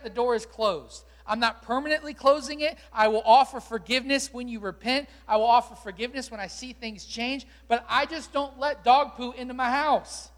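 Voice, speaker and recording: A man, a pastor, answering questions from his congregation in a candid, conversational way, with frequent ums and restarts. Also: very high voice. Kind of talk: sermon Q&A to a live congregation. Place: church auditorium. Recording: long reverb of a large hall.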